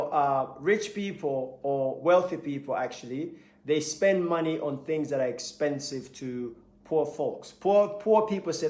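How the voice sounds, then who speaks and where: Brief: man giving an emphatic motivational talk, high voice, repeats points, roomy echo. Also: darkish tone. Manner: emphatic, repeats key points, acts out little scenes. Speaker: motivational speaker. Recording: echoey room.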